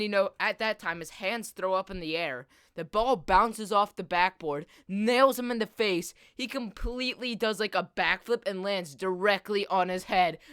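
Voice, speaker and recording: A man's voice: high-pitched, fairly bright tone, smooth, no echo, clean studio sound. Rambling teenage boy, "like" every breath. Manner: rambling, constant "like" fillers. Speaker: gaming video host. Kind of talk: casual storytelling over gameplay.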